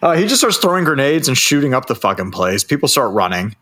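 A man's voice: mid-range voice, big pitch swings, fast talker, fairly bright tone. Rambling, profane man recapping a movie. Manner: rambling, profane, laughs often. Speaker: podcast co-host. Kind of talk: casual chat recapping a movie.

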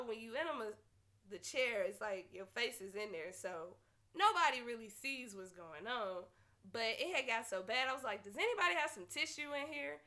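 A woman with a high, bright voice. She hosts a podcast and tells a story in casual chat. She is blunt, profane and animated. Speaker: podcast host.

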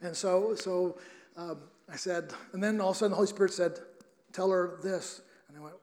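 A man's voice: high voice, fairly even intonation, normal speed, a little mellow. A middle-aged man preaching a sermon, telling a personal story earnestly with many restarts.

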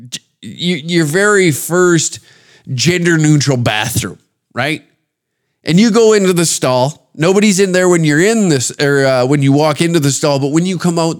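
A man's voice: fairly high pitch, moderate pace. A man from Canada hosting a podcast, ranting in a crude, rambling comedic way and slipping into put-on voices. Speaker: podcast host. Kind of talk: casual comedic rant.

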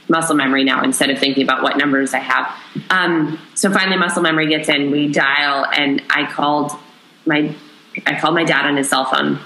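A young adult woman, an interview guest, recounting a personal story in an emotional, halting way with many pauses. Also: low-pitched, bright, forceful tone, a little hiss or hum. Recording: roomy echo.

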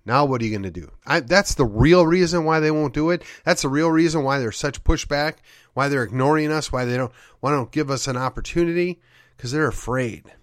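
A man's voice: a little high, a little fast, no echo, clean studio sound. A man hosting a show, delivering an opinionated monologue full of rhetorical questions and needling sarcasm. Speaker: podcast host.

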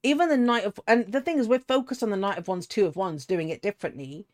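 A woman's voice: mid-range voice, quick pace, darkish tone. A woman, giving a casual, rambling tarot reading full of asides and restarts. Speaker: tarot reader.

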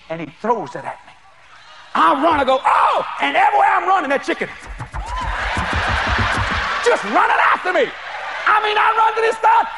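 High-voiced shouting preacher. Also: male voice, vocal fry, background noise. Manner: animated, shouting, laughing storyteller. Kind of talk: storytelling sermon.

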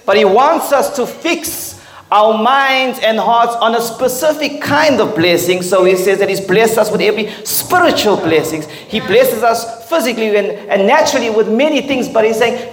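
A man's voice: sits high, lively intonation, moderate pace, crowd noise. Emphatic man preaching in an echoey church. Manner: emphatic preaching with rhetorical questions. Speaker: pastor. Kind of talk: sermon. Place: church hall with congregation. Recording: echoey hall with congregation responding.

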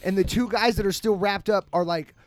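A man's voice: high-pitched, fairly quick, no room sound. A young adult man rambling through a party story in casual chat, laughing between lines.

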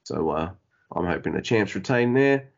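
A man with a fairly low voice talks through wrestling matches in a relaxed, easygoing way, laughing along. The sound is dull and lo-fi, like a home podcast recording. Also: normal speed, vocal fry. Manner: easygoing, laughs often, reads through lists. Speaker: podcast co-host. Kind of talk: casual wrestling chat.

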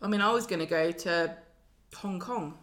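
A woman co-hosting a casual podcast chat, quick to interrupt and add her own comments. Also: fairly low pitch, fairly bright tone. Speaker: podcast co-host.

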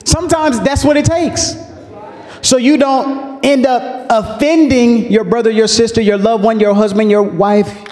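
A man's voice: very high-pitched, steady tone, unhurried, darkish tone, long reverb tail. A man pastor preaching a sermon in a loose, conversational way, calling on the congregation to answer back. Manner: conversational preaching with call-and-response.

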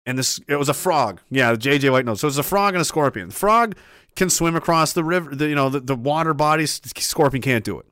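A man's voice: a little high, expressive, brisk, pushed and bright, no echo, clean studio sound. A man delivering a heated, profane opinion rant, emphatic and rambling, with restarts and asides.

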